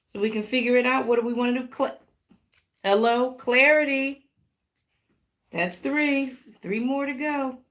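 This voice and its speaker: A woman hosting a live tarot reading, talking warmly and directly to her viewers with pet names and playful exclamations. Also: sits high, a little slow, long pauses. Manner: affectionate, animated, talks directly to viewers. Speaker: tarot reader.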